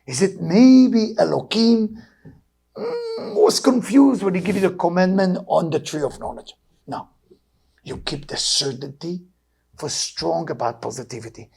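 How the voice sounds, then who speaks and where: A man in his sixties with an Israeli accent, a Kabbalah teacher giving an emotional sermon that swings between loud urging and low, hushed tones. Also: big pitch swings, measured pace, vocal fry. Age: 60s. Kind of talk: impassioned sermon.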